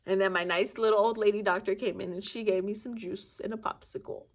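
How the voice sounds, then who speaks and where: Fairly quick and mid-range, the voice belongs to a young Nigerian woman vlogging about her own experience. She keeps it animated, laughing frequently and putting on voices for what others said.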